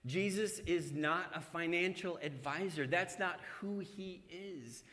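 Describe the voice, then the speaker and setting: A man's voice: sits high, a little slow, a bit bright. A middle-aged male pastor preaching a sermon in a church sanctuary, mixing scripture with humorous personal stories in a conversational way. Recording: long church hall reverb.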